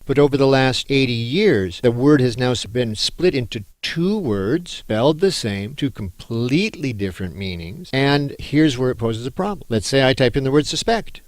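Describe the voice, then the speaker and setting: A man's voice: mid-range voice, lively intonation, normal speed, few pauses, dry recording. Emphatic male professor, dry close sound. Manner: conversational, emphatic, with fillers and restarts. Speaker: college anthropology professor. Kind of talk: recorded lecture on writing.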